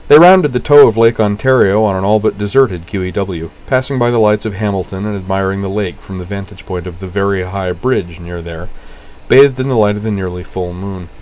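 A male narrator reads a novel aloud with a steady, descriptive delivery. His voice sits on the low side. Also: brisk, rough recording. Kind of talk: audiobook narration.

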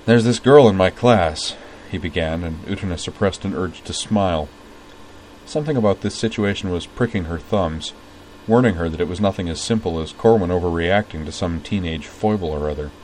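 A man narrating a story aloud at a measured, steady pace. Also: sits low, slight background noise, poor audio.

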